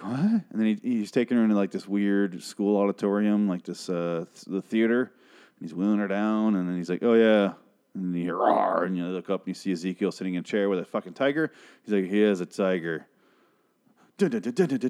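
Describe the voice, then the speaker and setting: A man casually recapping a TV episode, swearing freely and acting out characters' lines in quick put-on voices. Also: fairly low pitch, darkish tone, smooth.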